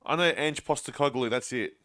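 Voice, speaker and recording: A young man co-hosting a podcast in casual chat, laid-back and quick to laugh. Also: mid-range voice, fairly even intonation, fairly bright tone, dry recording, clean studio sound. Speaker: podcast co-host. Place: small studio.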